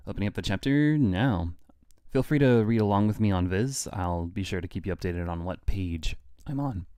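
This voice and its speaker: A man chatting casually on a reaction stream while reading through a manga chapter. He laughs often and restarts his sentences, in a low voice with dry, close sound. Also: animated, moderate pace, dark tone, clear, resonant tone, no echo.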